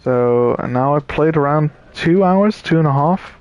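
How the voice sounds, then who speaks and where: Tired man thinking aloud slowly. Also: fairly high pitch, darkish tone, lo-fi sound. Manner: thinks aloud with pauses, chatting to viewers. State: tired and yawning. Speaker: streamer playing a puzzle game. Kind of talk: casual let's-play commentary.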